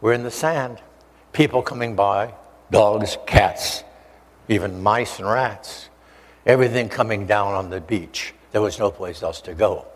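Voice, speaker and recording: An older male preacher from the Oregon coast, telling a personal story in an animated way, acting out voices and joking with the listeners. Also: lowish voice, a little slow. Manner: animated storyteller, acts out voices, jokes with audience. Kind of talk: storytelling testimony sermon. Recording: long hall reverb.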